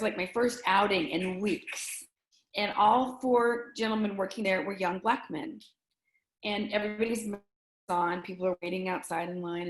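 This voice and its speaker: A middle-aged woman speaking earnestly and emotionally as an interview guest, often halting and restarting her sentences. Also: mid-range voice, echoey room. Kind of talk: candid conversation.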